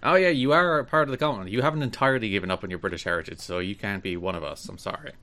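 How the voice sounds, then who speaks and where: A man's voice: fairly low pitch, rapid-fire, bright, forceful tone. A young man hosting a podcast in casual chat, dry and teasing. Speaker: podcast host.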